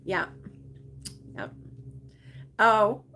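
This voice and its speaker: Woman, crochet stream host, rambling chatty talk, laughs often, mid-pitch voice, at home. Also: very slow, bright, forceful tone, a little hiss or hum. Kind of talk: casual livestream chat reading viewer comments. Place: her home, with dogs around.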